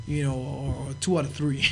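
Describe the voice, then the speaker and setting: A man's voice: medium pitch, moderate pace, noisy background. A middle-aged man telling stories in casual, profane talk and acting out the voices of the people in them. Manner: profane, animated storyteller acting out quotes. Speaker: podcast guest. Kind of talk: casual storytelling.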